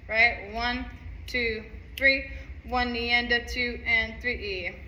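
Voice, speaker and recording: A woman's voice: on the high side, steady tone, slow, very noisy. A woman teaching a music lesson, counting rhythms aloud and singing passages in an upbeat, encouraging way. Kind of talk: instrument lesson walkthrough. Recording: echoey room, faint ambience.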